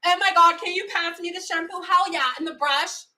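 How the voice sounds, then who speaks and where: Woman mimicking a gushing carefree girl, very high. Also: a little fast, distant mic, heavily acted. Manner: gushing, exaggerated excitement. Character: breezy carefree young white woman at home.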